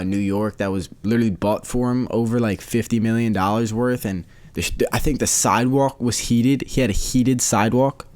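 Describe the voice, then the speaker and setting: A man hosting a casual solo podcast, rambling and repeating himself in disbelief. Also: fairly low pitch. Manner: rambling, repeats phrases, incredulous. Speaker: podcast host.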